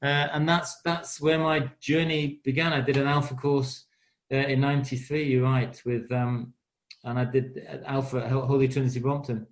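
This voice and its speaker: Older English man, priest, earnest interview storyteller, mid pitch, lots of "uh" and restarts. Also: level tone, normal speed. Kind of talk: telling his life story in an interview.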